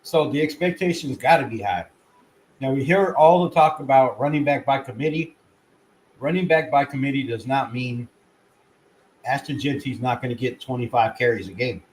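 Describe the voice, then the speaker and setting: A man runs his own fan channel, offering casual sports commentary that is excitable, rambling and heavy on swearing, sometimes while chewing. His voice is medium-pitched at a normal speed, with slight background noise and poor audio.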